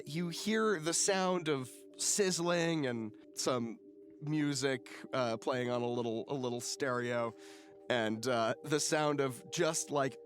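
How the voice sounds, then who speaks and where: A man narrating a tabletop game as game master, casual and swearing freely. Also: medium pitch.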